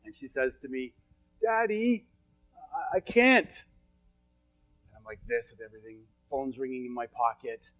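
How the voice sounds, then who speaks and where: A man's voice: medium pitch, flat delivery, normal speed, soft background music. A middle-aged man giving a motivational seminar talk to an audience, telling stories with emphatic, repetitive phrasing. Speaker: motivational speaker. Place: event hall with an audience.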